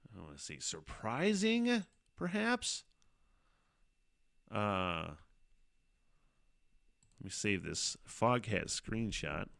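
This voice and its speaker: Gravelly, profane rambling podcast man. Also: fairly low pitch, takes it slowly, long pauses. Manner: rambling, profane, animated, laughs often. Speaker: podcast host. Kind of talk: casual solo podcast chat.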